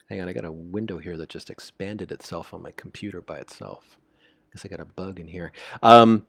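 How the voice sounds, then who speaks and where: A man's voice: on the low side, normal speed, no room sound, clean studio sound. A man hosting a live local community radio show, chatting casually, stammering and restarting as he reads out listener comments. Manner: stammering, frequent fillers and restarts; reads out listener comments and gives shout-outs. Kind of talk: live call-in community chat. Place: at a home computer.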